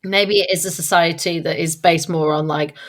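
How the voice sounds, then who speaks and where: Low-voiced chatty woman podcast co-host. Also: steady tone, moderate pace. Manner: chatty, thinks aloud with many fillers. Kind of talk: casual chat.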